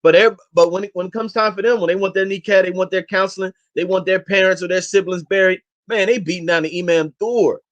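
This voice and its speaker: A man who talks quickly in a fairly high voice, pushing his points home with impassioned, slangy emphasis. He sounds like an interview guest speaking off the cuff and exhorting the people listening. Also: steady tone. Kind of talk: casual interview talk.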